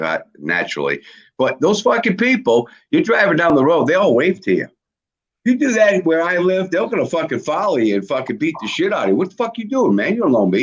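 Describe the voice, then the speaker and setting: Profane, animated man from the East Coast. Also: mid-range voice. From US East Coast, Boston area. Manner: profane, laughing, animated storytelling. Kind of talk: rowdy casual chat. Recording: dull lo-fi sound.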